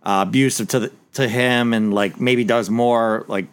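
A man in casual chat, relaxed, adding details while discussing a movie. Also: mid-range voice, moderate pace, clear, resonant tone.

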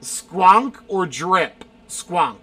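Man, casual rapid-fire Q&A, high and very animated voice, blunt and profane. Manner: quick answers, swearing, bursts of shouting and laughter. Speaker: streamer answering rapid-fire questions. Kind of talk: casual chat, lightning round.

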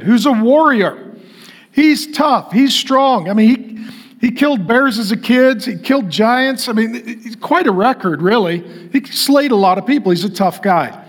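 A middle-aged man from North Dakota preaching a sermon to men in a direct, conversational way, asking the crowd to raise their hands. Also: sits high. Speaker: pastor.

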